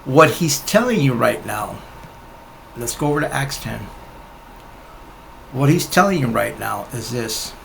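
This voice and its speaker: A man's voice: mid-range voice, very animated, a little slow, vocal fry, pauses often, fairly bright tone, a little hiss or hum. A man giving rebuttal commentary on a Bible teaching video, argumentative and scoffing, often talking straight at the other teacher.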